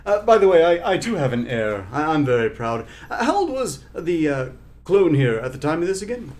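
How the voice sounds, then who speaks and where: A speaker asking formal, deadpan questions with hesitant fillers. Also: medium pitch, a little fast. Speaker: co-host interviewing the storyteller.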